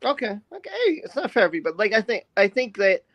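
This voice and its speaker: Animated laughing man, dry close sound. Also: sits high, fast, no echo, lo-fi sound. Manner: animated, laughing, acts out quotes. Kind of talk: casual chat.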